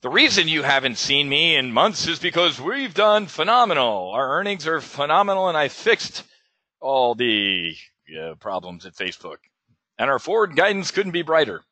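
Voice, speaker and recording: Guy doing a smug tech ceo bragging, bright sharp voice, dry sound. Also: fairly high pitch, big pitch swings, moderate pace, no room sound, heavily acted. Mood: boastful. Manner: boastful, self-satisfied. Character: smug male tech company boss boasting.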